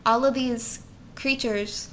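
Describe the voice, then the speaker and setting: A woman's voice: a little high, fairly even intonation, slow, slight background noise. A young woman co-hosting a podcast in casual chat, giggly and filler-heavy, saying "like" a lot. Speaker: podcast co-host.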